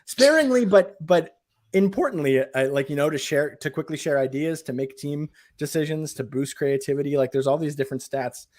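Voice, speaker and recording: A man's voice: fairly high pitch, a little fast, darkish tone. A man hosting a tech podcast, talking casually and winding up the show with thanks to listeners. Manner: chatty, many fillers. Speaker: podcast host. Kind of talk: casual chat.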